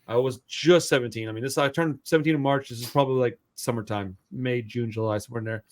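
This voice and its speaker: A man hosting a podcast, telling a long story in a loose, profane, animated way. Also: medium pitch, fast. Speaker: podcast host. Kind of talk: casual storytelling chat.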